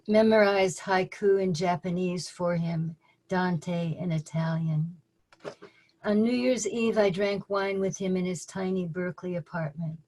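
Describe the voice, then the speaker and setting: An older woman poet reading her own poems at a virtual open mic over a video call, measured and deliberate, with dry asides between pieces. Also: fairly low pitch, dark tone, poor audio.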